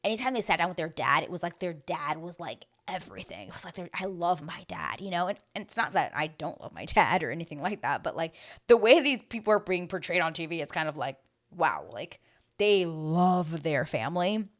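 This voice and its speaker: A young woman with a low voice talks through a reality show recap in a loose, rambling way. Her speech is full of "like" and "um", and she stops to hunt for words. It sounds like casual commentary from a video host. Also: lively intonation, fairly quick. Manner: chatty, rambling, many fillers like "like" and "um".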